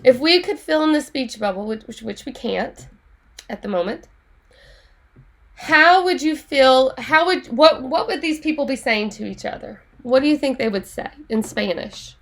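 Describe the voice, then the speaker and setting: A woman teaching an online Spanish class in a chatty, animated way, laughing often. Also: high-pitched, normal speed.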